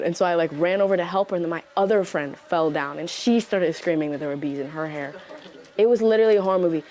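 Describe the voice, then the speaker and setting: Young woman, low-ish voice, casual storytelling, animated, slangy, swears, faint background noise. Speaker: interviewee.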